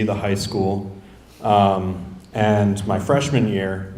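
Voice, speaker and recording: A man speaking at a memorial, talking haltingly with many fillers. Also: on the low side, darkish tone. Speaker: eulogy speaker, nephew. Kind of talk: memorial speech. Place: memorial gathering in a large room. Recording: roomy echo, faint noise.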